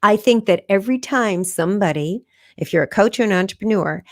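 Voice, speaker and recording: A woman's voice: mid-range voice, fairly quick, dry recording, clean studio sound. A woman guest coaching about video, talking in a casual, encouraging way on a video call. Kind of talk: casual live interview chat. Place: room at home.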